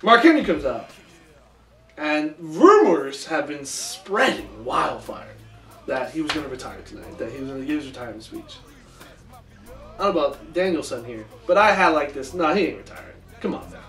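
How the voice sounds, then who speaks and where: Animated man recapping, echoey far-off room. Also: a little high, moderate pace, faint music behind. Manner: animated storyteller, acts out quotes. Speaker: podcast co-host. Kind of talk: casual recap chat.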